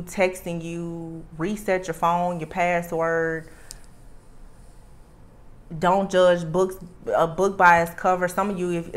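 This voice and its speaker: Emphatic Southern woman giving a tarot reading. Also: lowish voice. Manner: emphatic, repeats warnings, drawls "I'm telling you". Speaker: tarot reader. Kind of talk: channelled tarot reading to camera.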